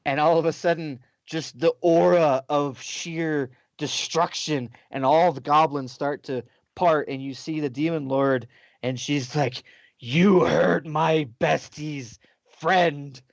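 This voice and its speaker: Man, slightly high voice, animated retelling, dry dull lo-fi sound. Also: unhurried, no room sound. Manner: animated retelling, often acting out exaggerated quotes. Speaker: co-host. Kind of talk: casual livestream chat.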